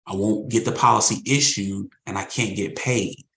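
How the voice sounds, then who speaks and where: A man with a fairly low voice gives a motivational talk to his insurance sales team. He hammers his points home by repeating them, in a casual, emphatic, preacher-like way. The sound bounces around an echoey room. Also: fairly even intonation, normal speed, gravelly, sharp tone. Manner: repetitive, emphatic, conversational preaching.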